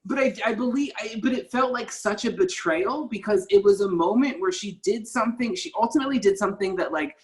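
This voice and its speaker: A podcast co-host chatting casually about a TV show, emphatic and animated, often repeating words as they gather their thoughts. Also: medium pitch, fairly quick, hardly any pauses.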